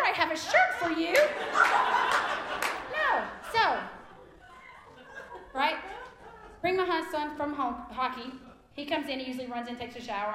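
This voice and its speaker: A woman, a kindergarten teacher in her thirties, telling a comic story live to an audience in an animated, emphatic way. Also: sits high, slight background noise. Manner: animated, emphatic, laughs through lines. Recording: echoey room.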